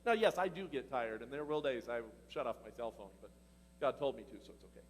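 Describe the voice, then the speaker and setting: A male pastor preaching a sermon in a lively, conversational way, asking the congregation questions and laughing as he goes. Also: medium pitch, fast, long reverb tail, a little hiss or hum. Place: church hall.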